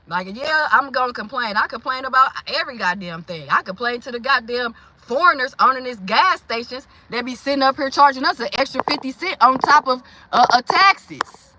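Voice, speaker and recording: Bright-voiced, blunt woman venting. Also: sits high, a little fast, no room sound, rough recording. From Milwaukee, Wisconsin. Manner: animated, blunt, confrontational. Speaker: vlogger. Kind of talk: venting monologue.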